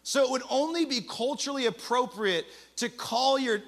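A man preaching a sermon as a pastor, energetic and humorous, with quick conversational asides. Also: very high-pitched.

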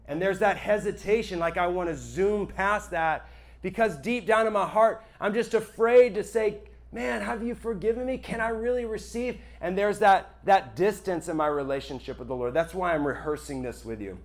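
Preaching a sermon before a live audience, a male pastor with a high voice speaks at normal speed. His delivery is conversational and emphatic, and he repeatedly checks in with his listeners.

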